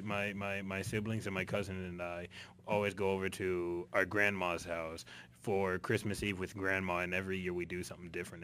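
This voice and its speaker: A young man hosting a casual college radio chat, playful and quick to laugh. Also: low-pitched, a bit bright, slight background noise. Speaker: radio show host. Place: radio studio.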